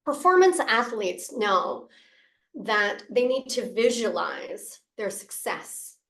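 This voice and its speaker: Expressive woman giving a motivational coaching talk. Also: on the high side, takes it slowly, reverberant. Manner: expressive, playful, with gasps and laughs. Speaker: leadership coach.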